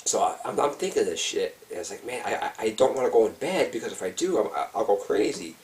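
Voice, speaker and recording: A man with a fairly low voice tells a personal story in an intense, heavily profane way, acting out his own frantic thoughts as he goes. He sounds set back from the microphone. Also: very animated, fast, a little mellow, distant mic, low-quality recording. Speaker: vlogger. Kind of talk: casual first-person storytelling.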